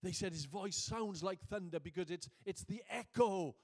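A man preaching a sermon, moving from quiet reflection to booming emphasis and reading scripture slowly. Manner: reads scripture aloud slowly.

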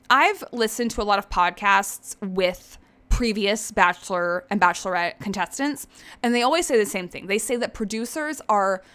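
A woman's voice: medium pitch, sharp tone. A young woman hosting a casual solo podcast, talking in a chatty, sarcastic and profane way. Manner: chatty, profane, sarcastic, acts out quotes in mimicking voices. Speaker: podcast host.

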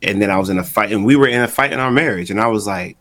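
Earnest low-voiced man sharing testimony. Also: rapid-fire, a bit bright. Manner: earnest storytelling, repeating phrases for emphasis. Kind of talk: candid personal testimony on a podcast.

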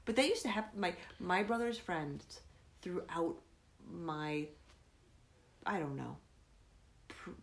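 A woman's voice: on the low side, expressive, slow, pauses often. A woman in her forties hosting a podcast, telling rambling personal stories in a casual chat and laughing often. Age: 40s. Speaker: podcast host.

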